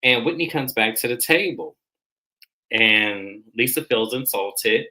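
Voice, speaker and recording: The voice is bright and forward, at a middle pitch, and the talk is loose and slangy. This vlogger recaps a reality show episode in a chatty way. They slip into quick impressions of the cast as they go. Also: lively intonation, low-quality recording. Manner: chatty, acts out quoted lines in shifting voices; slangy, informal phrasing. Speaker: recap reviewer.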